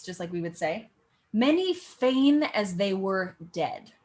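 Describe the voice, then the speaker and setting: Speaking slowly in a mid-range voice, a young acting coach explains a monologue line by line. She's animated and playful, striking key words for emphasis.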